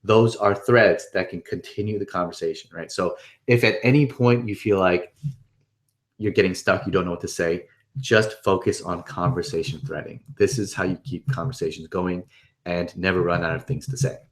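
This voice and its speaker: A man's voice: sits low, fairly even intonation, normal speed. A man presenting a webinar in a casual, upbeat way, often checking in with the listener. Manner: upbeat, conversational, keeps checking in with "right?". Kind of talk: casual instructional talk.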